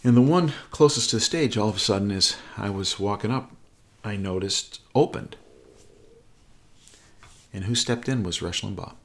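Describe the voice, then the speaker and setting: A man's voice: lowish voice, moderate pace, a bit bright. A man hosting a show, telling a personal anecdote in an earnest, conversational way. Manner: acts out both sides of a remembered conversation. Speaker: host. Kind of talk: anecdotal storytelling.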